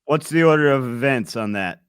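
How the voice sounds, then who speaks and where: A man's voice: mid-range voice, animated, fairly quick, clean tone, no echo, studio quality. A man co-hosting a podcast, chatting casually and asking earnest follow-up questions. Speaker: podcast co-host. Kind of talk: casual chat.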